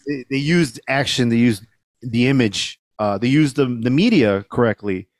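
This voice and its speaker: A man co-hosting a casual movie review podcast, animated, swearing freely and acting out lines he quotes. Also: medium pitch, moderate pace, no echo, studio quality. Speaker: podcast co-host.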